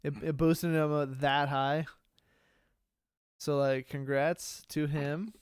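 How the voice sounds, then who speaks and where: A man's voice: on the high side, little pitch movement, slow pace, clean tone, no room sound, studio quality. A man co-hosting a casual streaming podcast, rambling with many fillers and restarts. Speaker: podcast co-host.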